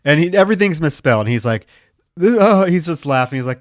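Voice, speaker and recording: A man's voice: a little high, lively intonation, quick pace, no room sound, studio quality. A man co-hosting a film podcast who retells scenes by acting out the characters' lines. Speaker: podcast co-host. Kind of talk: casual film review chat.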